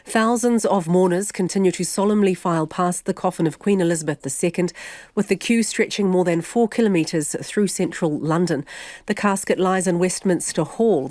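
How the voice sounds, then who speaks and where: A woman reading news headlines on radio in a measured, formal way. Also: on the low side, a little mellow, no echo, studio quality. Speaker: newsreader.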